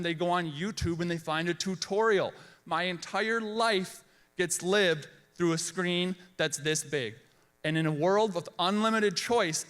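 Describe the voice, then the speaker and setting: A man's voice: high voice, a bit bright. A man giving a motivational keynote to staff as a guest speaker, with a punchy, rhythmic delivery.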